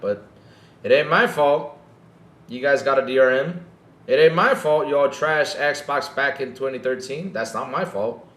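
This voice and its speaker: A man's voice: medium pitch, measured pace, fairly bright tone, roomy sound. A man hosting a gaming podcast in a casual, mocking rant, often tacking "though" onto his sentences.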